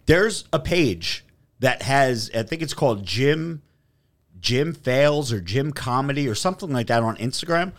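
A man's voice: medium pitch, a little slow. A man hosting a podcast, telling stories in a loose, profane way and mimicking the people he meets. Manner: profane, animated storytelling with mocking impressions. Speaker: podcast host. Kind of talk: casual podcast banter.

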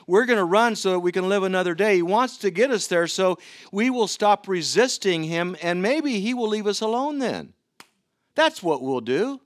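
A middle-aged man preaching a sermon to his church, earnest and given to halting restarts. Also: high-pitched, no room sound, clean studio sound. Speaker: pastor.

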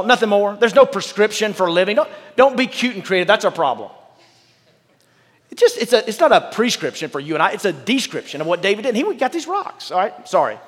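A male pastor reads scripture to his congregation, then drops into candid, wisecracking asides. His voice sits a little high for a man. The sound rings with the long reverb of a large church sanctuary. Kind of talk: sermon.

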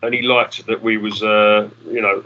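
A man's voice: lowish voice, level tone, normal speed, dull audio. A man, a musician guest rambling through stories, swearing casually and acting out the people in them. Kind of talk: casual storytelling.

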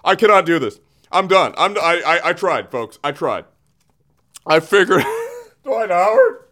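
A man's voice: fairly high pitch, lively intonation, moderate pace, pushed and bright. A man hosting a comedic sports segment from a studio, theatrical and self-interrupting, often breaking into giggles. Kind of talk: comedic in-character sports rant. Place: radio studio. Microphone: studio mic.

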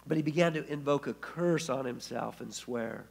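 Gravelly pastor preaching. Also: male voice, medium pitch, moderate pace. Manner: storytelling, acts out quoted speech in the retelling. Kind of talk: sermon. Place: church.

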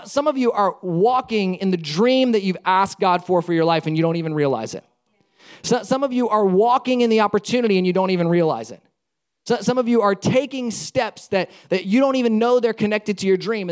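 A pastor preaching conversationally, repeating phrases for emphasis and acting out the lines of people in his stories. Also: high voice. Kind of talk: sermon with storytelling.

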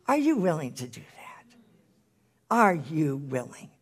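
An earnest Bible study leader teaching and praying in a live-streamed session, pleading with listeners and dropping to a hushed near-whisper at emotional moments. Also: medium pitch, big pitch swings, unhurried.

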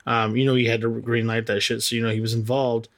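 A man recounts a story on a podcast in a relaxed, slangy way. His voice sounds close and dry, with no room around it. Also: medium pitch, quick pace, no room sound. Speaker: podcast co-host. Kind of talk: casual chat.

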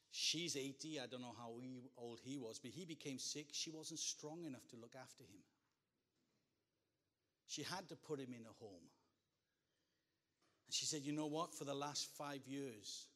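A man preaching a sermon, telling a funny story with big swings between hushed and loud delivery. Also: mid-range voice.

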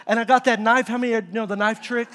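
Middle-aged male pastor, very high pitch, animated storyteller who talks straight to the congregation. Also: quick pace. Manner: animated storytelling with audience call-outs. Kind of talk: sermon.

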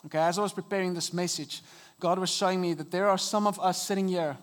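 A high, light-voiced man preaches an earnest sermon from a church stage. He swings between soft, hushed moments and emphatic rises, and his voice comes through a stage microphone. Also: steady tone, quick pace. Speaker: pastor. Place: church auditorium.

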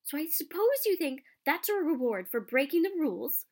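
A woman's voice: sits high, very animated, normal speed, voice pushed up. A woman reading aloud, voicing a bossy, disapproving schoolgirl in a raised, indignant voice.

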